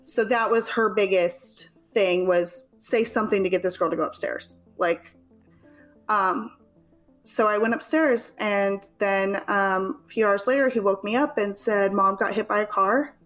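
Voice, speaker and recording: A young woman speaks as an interview guest. Her delivery is casual and halting, full of fillers as she tells her story. Faint music plays quietly underneath. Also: mid-range voice. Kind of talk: personal storytelling in conversation.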